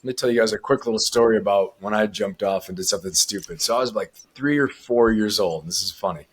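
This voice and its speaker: A man hosting a casual chat, telling a funny story in an animated way with frequent laughter. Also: lowish voice, fast talker, slightly rough.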